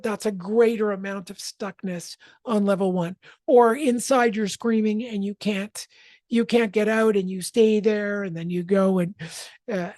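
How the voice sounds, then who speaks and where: A woman leading a spoken energy healing session, explaining calmly and correcting herself as she goes. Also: mid-range voice, no room sound, studio quality. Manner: explanatory, self-correcting, calm.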